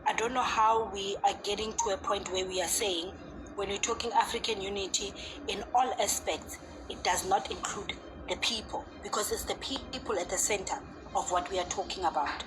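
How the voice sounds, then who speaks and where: A woman's voice: mid-range voice, normal speed, over music, low-quality recording. A woman on a debate panel who speaks insistently and keeps talking over the others.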